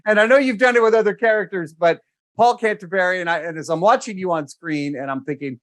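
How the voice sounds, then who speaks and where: A man's voice: high-pitched, fast talker, a bit bright. A man interviewing an actor, enthusiastic and effusive in his praise. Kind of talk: interview questions.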